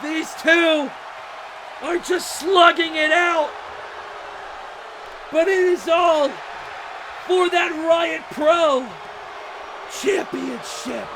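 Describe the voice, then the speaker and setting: A young man calling a wrestling show play-by-play, frantic, shouting and disbelieving, over a loud crowd. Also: very high-pitched, steady tone, extremely slow, pauses often. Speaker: wrestling commentator. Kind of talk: excited play-by-play commentary. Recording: loud crowd and noisy venue. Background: cheering crowd.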